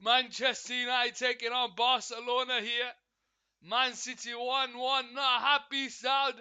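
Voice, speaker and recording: A man with a very high, sharply bright voice hosts a live football watchalong. His tone is smooth and crisp, and he chats and banters with viewers by name while reading out the line-ups with excitement. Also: unhurried. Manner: chatty, hyped, talks to viewers by name. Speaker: watchalong host.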